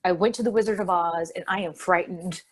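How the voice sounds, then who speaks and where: A woman's voice: on the low side, steady tone, brisk. A woman co-hosting a casual podcast, chatting in a rambling way and laughing often. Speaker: co-host.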